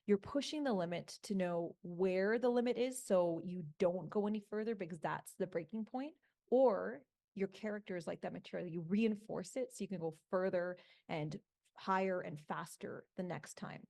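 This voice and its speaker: A woman panelist calmly telling stories from her analog astronaut missions. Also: on the low side, moderate pace, gravelly. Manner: reflective storytelling. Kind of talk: panel talk.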